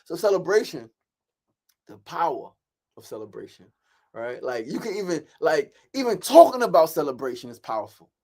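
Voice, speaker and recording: Emphatic high-voiced man preaching. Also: big pitch swings, normal speed, darkish tone. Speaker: host. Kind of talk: motivational podcast monologue.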